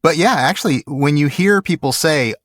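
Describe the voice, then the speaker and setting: A man co-hosting a casual podcast, explaining word origins in measured detail. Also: a little high, animated, a bit bright, no room sound. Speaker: co-host.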